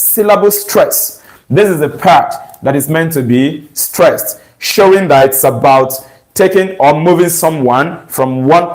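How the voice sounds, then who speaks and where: A man's voice: a little high, poor audio. A man teaching English grammar, walking through exam questions and checking with rhetorical questions. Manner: slow, deliberate, asks rhetorical checks.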